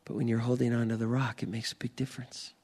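A pastor preaching a sermon, slow and emphatic, building to rising declarations. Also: male voice, mid-range voice, level tone, darkish tone, husky, long reverb tail.

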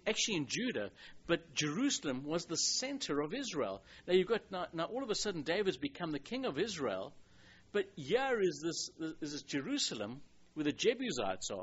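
Husky South African man preaching. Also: on the high side. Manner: chatty and digressive, with many restarts and soft chuckles. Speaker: pastor. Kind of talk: Bible teaching sermon. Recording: dull lo-fi recording.

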